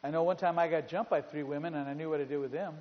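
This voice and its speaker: A male pastor preaching a sermon in a church, telling stories in an animated way and repeating phrases for emphasis. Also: on the high side, very fast. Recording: reverberant hall, dull sound.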